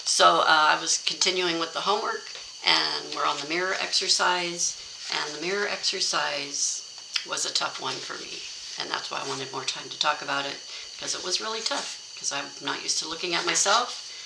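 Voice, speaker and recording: Deep gravelly middle-aged woman teaching. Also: noisy background. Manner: candid, reflective, encouraging. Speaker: self-help course teacher. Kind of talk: casual instructional talk.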